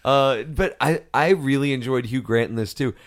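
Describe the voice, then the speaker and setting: A man's voice: medium pitch, moderate pace. A man co-hosting a casual movie-review podcast, laughing and swearing as he banters. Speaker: podcast co-host.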